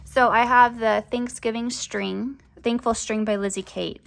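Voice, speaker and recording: A woman's voice: on the high side, steady tone, a little slow, gravelly. A young woman chatting casually to camera as a crafting vlogger, rambling with lots of fillers, her voice often rising at the ends of sentences.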